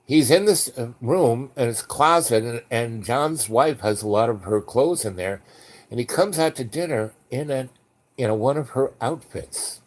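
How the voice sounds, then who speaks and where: A man spinning a casual anecdote, voice at an ordinary middle pitch. He rambles, doubles back and restarts mid-sentence, keeping the talk loose and conversational. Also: animated, measured pace. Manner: rambling, with many restarts and fillers. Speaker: storyteller.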